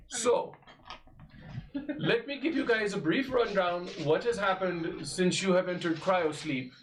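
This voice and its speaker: A man with a high voice leads an in-character tabletop role-play, speaking formally and filling pauses with hesitations. He sits back from the microphone, and the room rings around him. A faint hiss sits under the recording. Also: roomy sound, distant mic, poor audio. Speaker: game master voicing a character.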